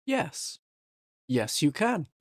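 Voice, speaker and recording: A man's voice: on the high side, big pitch swings, drawn-out words, breathy edge. A man chatting as a vtuber guest, explaining a hobby game in a wry, self-deprecating way and laughing often. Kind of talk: casual explanatory chat.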